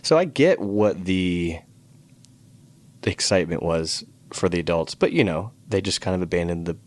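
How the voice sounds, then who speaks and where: Man, low voice, podcast co-host, casual chat, reflective, musing. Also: animated, moderate pace. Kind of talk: casual chat recapping cartoons over drinks.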